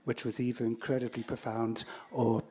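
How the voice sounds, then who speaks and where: An English man telling a true story on stage in a wry, self-deprecating way, halting with fillers and restarts. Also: medium pitch, flat delivery, mellow, a little hiss or hum. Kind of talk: live storytelling.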